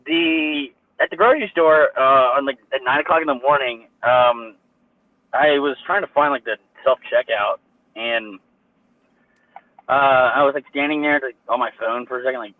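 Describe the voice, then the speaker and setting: A man's voice: mid-range voice, normal speed, no echo. Profane rambling man on a tinny line. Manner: profane, rambling, filler-heavy. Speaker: co-host. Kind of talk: casual chat, storytelling. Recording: tinny phone-like line, dry.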